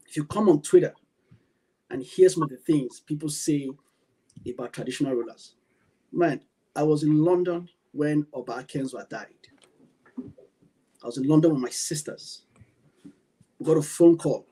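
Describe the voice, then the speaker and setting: A Nigerian man on a call-in show who argues his point emphatically, stacking rhetorical questions and repeating phrases for weight. His voice sits a little high and sounds mellow and husky. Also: moderate pace, pauses often, low-quality recording. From Nigeria, Edo State. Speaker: caller. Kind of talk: call-in opinion commentary.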